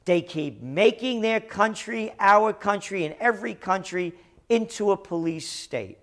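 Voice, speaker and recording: Sarcastic middle-aged guy ranting about the news, slow punchy delivery, slightly high voice. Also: lively intonation, fairly bright tone. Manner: sarcastic, emphatic, deliberate delivery. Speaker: news commentary host. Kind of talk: opinionated news commentary.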